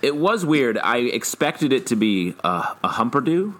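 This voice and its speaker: A man co-hosting a casual podcast who makes deadpan jokes and teases his co-host. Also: mid-range voice, moderate pace. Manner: joking, deadpan teasing. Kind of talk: casual TV recap chat.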